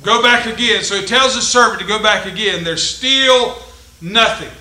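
A man's voice: high-pitched, normal speed, bright, forceful tone, reverberant, poor audio. A man, preaching a fervent sermon with call-and-response in a church. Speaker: pastor. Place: church sanctuary.

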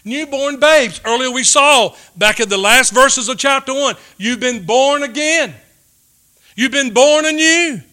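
A man preaching a sermon, swinging between loud emphatic points and hushed asides. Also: very high-pitched, unhurried. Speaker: pastor.

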